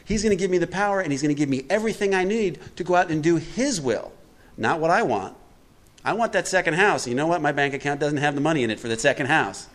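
A man's voice: on the high side, animated, fast, a bit bright. Emphatic man giving a recovery talk. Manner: conversational and emphatic, asks the audience questions. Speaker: twelve-step recovery speaker.

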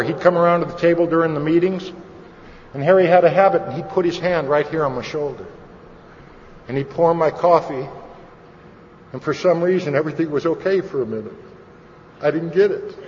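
A man's voice: a little high, a little mellow. A man sharing his personal recovery story with an audience, candid and conversational, with wry humor. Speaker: speaker at a recovery meeting. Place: meeting hall. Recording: lo-fi recording with long hall reverb and faint noise.

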